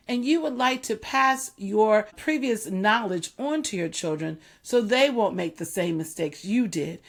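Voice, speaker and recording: A middle-aged woman talks through her thoughts in an earnest, reflective monologue. She keeps a very slow, deliberate pace at an ordinary middle pitch. She often repeats a line more slowly so it sinks in. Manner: earnest, measured, repeats key points slowly. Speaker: podcast host. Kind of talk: reflective solo talk.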